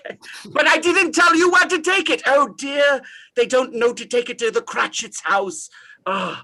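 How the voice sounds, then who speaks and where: Old miser, high voice, bright tone, theatrical, wailing, live stage comedy. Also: male voice, heavily acted. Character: greedy old male miser, frantic and remorseful. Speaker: improv stage performer.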